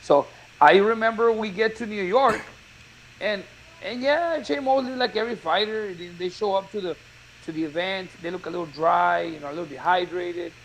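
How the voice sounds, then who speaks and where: A boxing coach telling a story in casual chat, acting out the quotes with energy. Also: male voice, sits high, moderate pace, slight background noise, poor audio. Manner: animated storyteller, acts out quotes.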